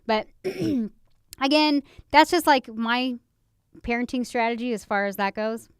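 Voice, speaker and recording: A woman co-hosting a relaxed couples podcast, rambling along with plenty of fillers and easy laughs. Her voice is smooth and clear, a little higher than most women, recorded close and dry. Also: measured pace, dry recording. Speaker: podcast co-host, wife. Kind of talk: casual couples podcast chat.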